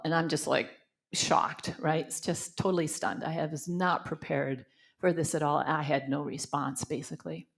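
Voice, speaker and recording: A woman's voice: sits low, fairly even intonation, moderate pace, creaky. An older woman minister from Canada telling personal stories in a spiritual talk, acting out the voices she quotes, then leading a guided meditation.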